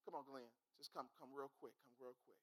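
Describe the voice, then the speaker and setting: A man's voice: mid-range voice, steady tone, a little fast, a bit bright, poor audio. A male pastor preaching a fervent sermon in a church, repeating his points and calling out to the congregation. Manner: fervent, repetitive, calls out to the congregation.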